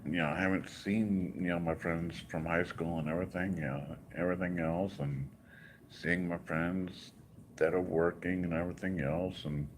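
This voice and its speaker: A man's voice: low-pitched, steady tone, normal speed, slight background noise. A man in a hospital room giving a casual, rambling update, telling stories with many asides. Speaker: vlogger.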